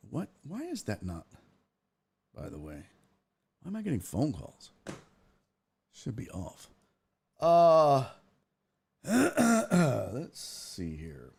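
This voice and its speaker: Lively rambling man hosting a stream. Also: medium pitch, gravelly, slightly rough. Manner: rambling, self-interrupting, exclaiming. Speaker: sports show host. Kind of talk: casual live-stream chat.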